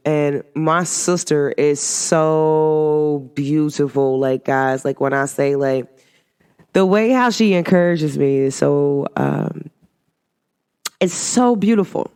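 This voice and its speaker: A woman hosting a podcast, talking casually in a rambling, animated way with many fillers. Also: low voice, slow pace, clean tone. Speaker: podcast host.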